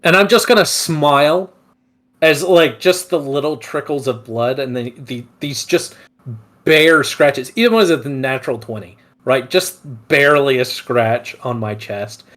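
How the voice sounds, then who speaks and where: A man's voice: medium pitch, unhurried, a bit bright. A man playing a tabletop game, describing his character's actions unhurriedly. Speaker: player.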